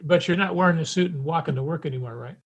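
A man hosting a casual interview, telling stories in a relaxed way. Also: on the high side, racing, husky. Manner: relaxed anecdotal storytelling. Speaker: podcast host. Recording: slightly dull lo-fi sound.

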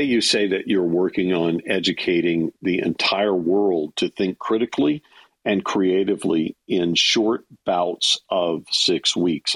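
A man hosting an interview, asking measured prepared questions. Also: low-pitched, fairly bright tone, husky, no echo, low-quality recording. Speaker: interview host.

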